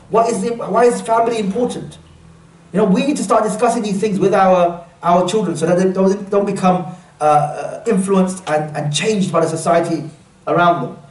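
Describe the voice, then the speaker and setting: Man, workshop speaker, earnest, quizzes the audience, high voice, echoey room, mic some way off. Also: darkish tone, far from the mic. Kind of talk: religious workshop talk.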